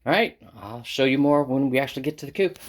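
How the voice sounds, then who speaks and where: Very low-voiced woman explaining a project. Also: quick pace, slight background noise. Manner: rambling step-by-step explaining, frequent restarts. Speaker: backyard chicken keeper. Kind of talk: casual how-to vlog.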